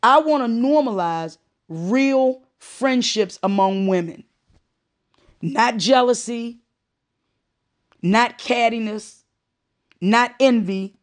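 A woman's voice: a little high, animated, takes it slowly, pauses often. A middle-aged woman giving a heartfelt monologue, with emphatic, repeated phrases and moments of choking up. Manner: emotional, choking up.

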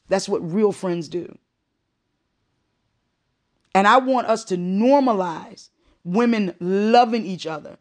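A woman's voice: medium pitch, darkish tone. Emotional middle-aged woman, heartfelt. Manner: emotional, choking up; repetitive emphatic phrasing. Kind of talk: heartfelt monologue.

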